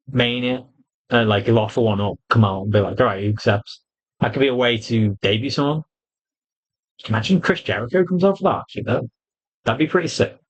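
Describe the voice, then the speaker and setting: In a muffled recording, a man with a medium-pitched voice gives an opinionated, casual wrestling review, blunt and full of swearing, animatedly retelling events and voicing the quotes.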